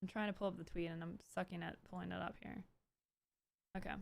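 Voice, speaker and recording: A woman in her thirties streaming live, talking casually in a rambling, animated way with many restarts and bursts of exasperation. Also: fairly low pitch, fast, creaky. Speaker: Twitch streamer hosting her own stream. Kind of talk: casual livestream commentary.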